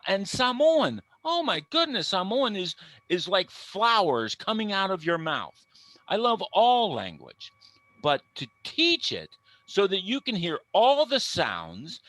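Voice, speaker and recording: A Midwestern American man speaks as an English teacher on a panel, emphatic and playful in his opinions. His voice sits high and swings widely up and down. It has a bright, forceful edge. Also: no echo, rough recording. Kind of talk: panel discussion talk.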